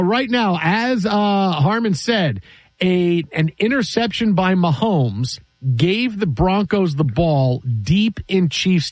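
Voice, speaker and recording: A man hosting a sports talk radio show, chatting fast and animated about a live football game. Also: sits high, dry recording. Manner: animated, jokey, quick restarts.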